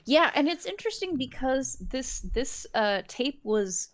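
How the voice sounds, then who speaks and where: A woman co-hosts a podcast, chatting casually in a chatty, thoughtful way and laughing easily. Her voice sits high and sounds sing-song, and she keeps a measured pace.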